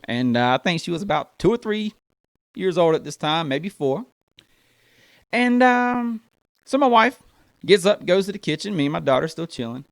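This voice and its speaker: American guy doing stand-up, high voice that jumps all over, dry close sound, keeps going "man" and "right". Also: moderate pace, creaky, pauses often, no room sound. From United States. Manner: animated, talks to the crowd, fills lines with man and right. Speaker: stand-up comedian. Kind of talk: stand-up comedy routine.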